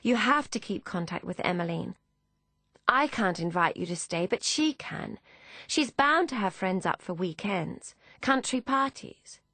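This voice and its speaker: A woman's voice: mid-range voice, animated, a little slow, pushed and bright, dry recording, heavily acted. A woman voicing a young upper-class woman who pleads urgently, in an audiobook reading. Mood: pleading.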